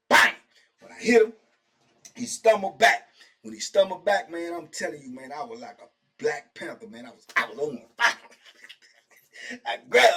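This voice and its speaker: A middle-aged man hosting his own show, telling a prison story with a voice that sits a little high. He talks in slang, acts out the people in the story, and keeps checking in with his listener. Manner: lively, slangy, acts out the other people he quotes; keeps checking in with "right?" and "you know what I'm saying?". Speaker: host telling prison stories. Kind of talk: animated storytelling.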